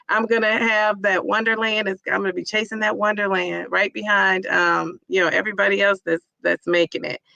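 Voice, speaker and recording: A woman's voice: fairly high pitch, gravelly, bright, forceful tone, no room sound. A middle-aged woman hosting a casual live-stream chat, reading viewer comments aloud and cheering people on.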